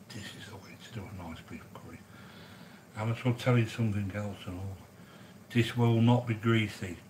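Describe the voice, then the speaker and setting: A medium-pitched, slightly bright male voice comes through a low-quality recording with a bit of background noise. The middle-aged man chats easily with his livestream audience as he cooks a curry, matey in manner and calling viewers sweetheart.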